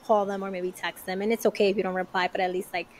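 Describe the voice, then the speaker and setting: A woman's voice: medium pitch, flat delivery, fast, low-quality recording. Chatty woman co-host, faint background noise. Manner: chatty, laughs easily. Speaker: podcast co-host. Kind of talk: casual conversation.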